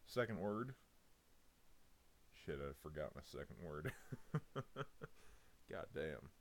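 A man's voice: a bass voice, big pitch swings, slow pace. A man doing a casual audio reading challenge, rambling and chuckling between words. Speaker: audio content creator.

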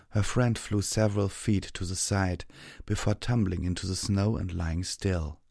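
Male narrator, low voice, dry close sound, steady audiobook read. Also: no echo. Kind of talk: scripted narration.

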